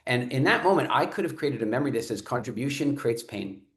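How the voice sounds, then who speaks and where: A middle-aged man hosting a podcast interview, telling stories in an earnest, animated way with frequent restarts. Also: mid-range voice, racing. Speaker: podcast host. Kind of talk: conversational interview storytelling. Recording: roomy echo.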